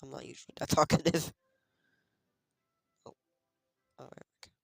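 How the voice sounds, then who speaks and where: A streamer rambling through a farming game, half-singing the names of crops and scolding themself. The voice sits in a middle pitch with plenty of vocal fry. It is recorded close and dry, with no room sound. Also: steady tone, normal speed, fairly bright tone, no room sound, faint music behind. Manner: chatty, mutters item names in sing-song repeats. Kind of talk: casual gameplay commentary.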